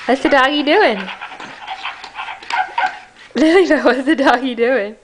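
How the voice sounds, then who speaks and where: A mother talking to her toddler in sing-song baby talk, coaxing and gentle, filmed at home on a handheld camcorder. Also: high voice, lively intonation, very slow, background noise. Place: at home indoors.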